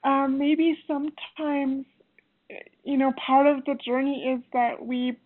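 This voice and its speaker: A woman in a study group offering a gentle, thoughtful thought in a reflective discussion. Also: high-pitched, steady tone, slow pace. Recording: phone-line audio.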